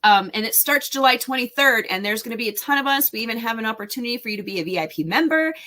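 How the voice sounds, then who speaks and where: A woman's voice: fairly high pitch, animated, fast talker, sharp tone. A woman in her forties hosting a solo podcast, talking in an enthusiastic, encouraging, rambling way with fillers. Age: 40s. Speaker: podcast host and speaker. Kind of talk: casual solo podcast talk.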